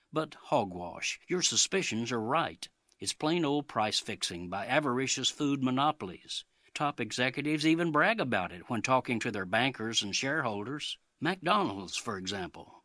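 A man's voice: medium pitch, fairly bright tone, no room sound, studio quality. A man reading a scripted radio commentary in a folksy, sarcastic editorial style.

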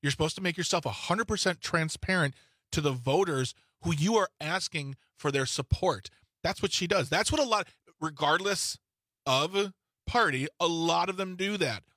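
A man's voice: fairly high pitch, normal speed, bright, forceful tone, no room sound, studio quality. A man hosting a talk radio show, chatting emphatically and sometimes indignantly, with frequent restarts.

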